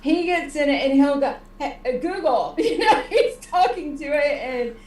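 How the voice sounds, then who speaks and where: A woman co-hosting a casual online chat show, chatty and quick to giggle. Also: high-pitched, animated, darkish tone. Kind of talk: casual video-call chat. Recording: echoey room, distant mic.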